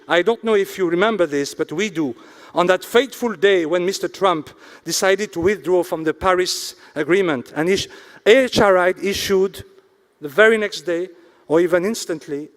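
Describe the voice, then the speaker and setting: A man hosting an awards ceremony in a hotel event hall. He reads out sponsors slowly and drops jokes between them. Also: sits high. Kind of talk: emcee announcing and joking on stage.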